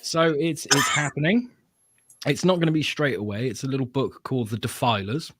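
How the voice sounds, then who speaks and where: A man's voice: medium pitch, brisk, fairly bright tone, breathy edge, no echo. A man with a British accent, a guest on a podcast, playfully telling stories and acting out his own thoughts. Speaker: guest, comic book creator. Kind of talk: casual chat.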